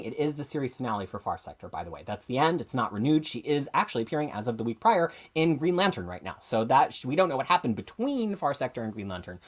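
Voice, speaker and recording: A comics show host talking in a casual live stream, rapid, chatty and opinionated, rambling and catching themselves as they go. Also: mid-range voice. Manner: enthusiastic, opinionated.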